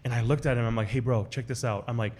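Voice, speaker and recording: A man telling a personal story in a casual way to a live audience at a restaurant event, slipping into the voices of the people he quotes. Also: fast. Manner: animated, acts out quoted voices with big jumps in pitch. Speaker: guest storyteller on a live podcast show.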